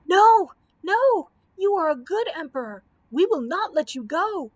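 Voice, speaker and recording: A woman doing a crowd of subjects, shrill, loud, begging, storybook chorus. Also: lively intonation, unhurried, dry recording. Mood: pleading. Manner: shrieking, pleading. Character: shrieking crowd of loyal subjects.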